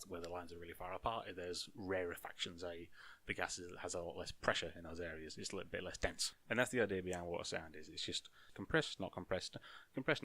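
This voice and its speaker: A man's voice: deep voice, fairly bright tone. A young man explaining a science topic in a casual, jokey way, with mock-boastful asides and playful heckles of himself. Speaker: science video host.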